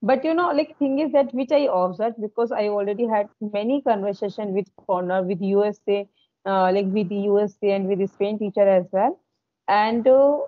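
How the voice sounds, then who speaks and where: A woman's voice: mid-range voice, no echo. A woman in a casual group discussion, talking hesitantly with many fillers and restarts over a video call. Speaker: English learner in group discussion. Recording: tinny phone-like call audio.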